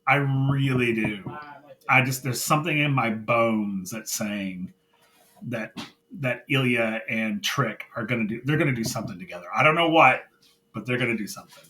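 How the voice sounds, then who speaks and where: Man, podcast co-host, bright forceful voice, animated retelling, casual wrestling chat. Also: medium pitch, moderate pace, rough recording. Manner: animated storytelling, acting out wrestlers' lines in excited bursts.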